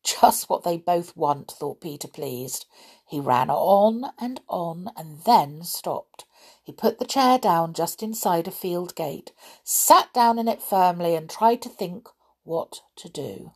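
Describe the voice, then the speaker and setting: A woman narrating a children's storybook in an expressive, animated way. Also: lowish voice, slow pace, husky.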